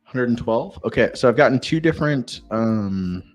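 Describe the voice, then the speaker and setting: A man hosting a casual whiskey tasting call, joking and excitable as he chats. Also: mid-range voice, moderate pace, muffled recording, soft background music. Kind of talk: casual chat.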